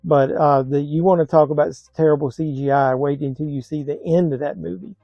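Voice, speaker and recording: A man's voice: fairly high pitch, steady tone, fairly quick, vocal fry, no echo, highs cut off. A man giving a blunt, scathing movie review in a casual vlog, sounding exasperated.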